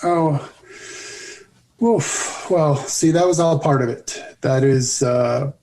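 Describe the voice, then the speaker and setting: A man guests on a casual podcast interview as an author. He rambles, restarts and hedges with ums, now and then slipping in dry humor. His pitch is in the middle for a man. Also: dark tone.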